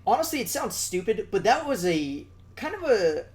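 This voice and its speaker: A man's voice: high-pitched, sing-song, moderate pace. A man co-hosting a casual podcast chat, earnest and rambling, with lots of fillers and restarts. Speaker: podcast co-host.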